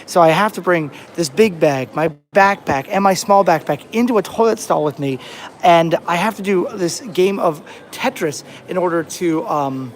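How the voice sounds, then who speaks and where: Young american guy vlogging outside, chatty and rambly, slightly high voice, faint background ambience. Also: normal speed, slight background noise. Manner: rambling, restarts often, chatty storyteller. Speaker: travel vlogger. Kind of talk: casual vlog storytelling. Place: outdoors on a rainy beach.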